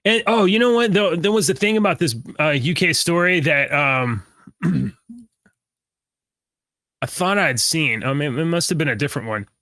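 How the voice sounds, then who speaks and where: A man's voice: fairly high pitch, expressive, moderate pace, long pauses, fairly bright tone, dry recording, studio quality. A man co-hosting a podcast in casual chat, rambling and restarting his sentences and laughing at his own jokes. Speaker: podcast co-host.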